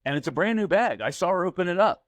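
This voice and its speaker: A man's voice: sits high, expressive, quick pace, dry recording. A middle-aged man co-hosting a podcast, telling a family story in casual chat and acting out the dialogue. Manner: anecdotal, acts out family dialogue. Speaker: podcast co-host.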